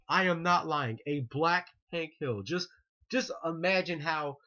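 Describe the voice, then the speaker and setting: A man's voice: on the high side, fairly bright tone. A man ranting indignantly in a vlog monologue, repeating himself and restarting sentences. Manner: indignant, repetitive, frequent restarts. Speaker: online ranter. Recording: muffled lo-fi recording.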